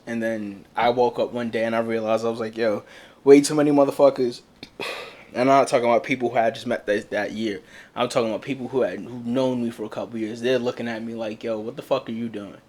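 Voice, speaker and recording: Young male podcast co-host, candid and profane, animated storyteller, mid-pitched voice. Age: young adult. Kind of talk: casual candid chat.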